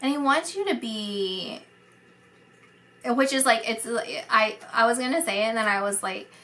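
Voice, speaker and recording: A woman's voice: fairly high pitch, normal speed, bright, forceful tone. A woman psychic medium giving a casual spoken reading, rambling and hesitant with many fillers.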